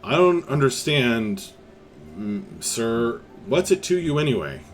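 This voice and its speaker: A man's voice: mid-range voice, big pitch swings, takes it slowly, faint music behind. A man voicing a nervous, bitter middle-aged male jeweler who answers in defensive, clipped, grumbling lines.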